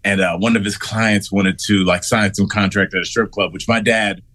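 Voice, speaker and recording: A man's voice: fairly low pitch, steady tone, moderate pace, fairly bright tone. A man calling in to a radio show over video, telling rambling stories with many restarts and laughs. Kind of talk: casual radio banter.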